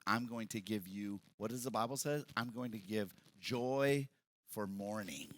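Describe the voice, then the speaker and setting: A male pastor preaching a sermon, swinging from quiet talk to loud shouted passages. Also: lowish voice, measured pace, no echo. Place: church hall with congregation.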